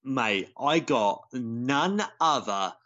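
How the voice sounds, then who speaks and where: A man with a mid-range voice and a swinging, animated delivery co-hosts a chatty podcast. His voice comes through a slightly dull, lo-fi mic as he reads listener comments. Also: mid-range voice, drawn-out words. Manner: relaxed, reads listener comments aloud with lively intonation. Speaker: podcast co-host. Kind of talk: casual podcast chat.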